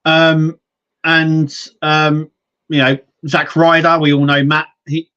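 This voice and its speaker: A man's voice: a little high, level tone, slow pace, sharp tone, clean tone, highs cut off. A man co-hosting a casual wrestling podcast, rambling with lots of restarts and quoted asides. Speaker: podcast co-host.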